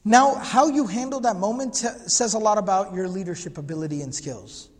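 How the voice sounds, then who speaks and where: A man's voice: sits high, brisk. A man teaching a religious lecture class, emphatic and repetitive, often asking rhetorical questions and reciting Arabic phrases. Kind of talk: lecture class on prophetic biography. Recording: long hall reverb.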